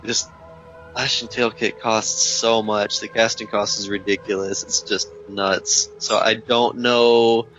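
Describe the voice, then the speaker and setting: A man with a bright, forward tone talks through his game build in a rambling, self-doubting way. His voice sounds a little dull and lo-fi, with soft music in the background. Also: fairly low pitch, little pitch movement, slow. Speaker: podcast co-host. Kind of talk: casual gaming chat.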